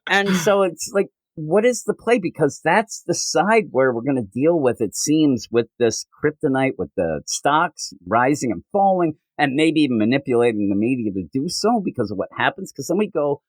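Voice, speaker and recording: A man co-hosting a comic book podcast, retelling scenes in casual chat and slipping into quick character voices. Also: mid-range voice, sing-song, dry recording. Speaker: podcast co-host.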